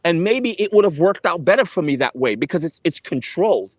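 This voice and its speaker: A man's voice: on the high side, sing-song, fairly quick, no echo. A young man earnestly telling a personal story to camera, emphatic and repeating himself for weight. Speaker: travel vlogger.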